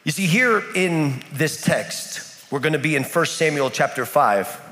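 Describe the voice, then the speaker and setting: A man's voice: fairly high pitch, animated, unhurried, sharp tone. A man from the United States preaching a sermon in a church in Kenya, telling a story with lots of repetition. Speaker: pastor. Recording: echoey church hall.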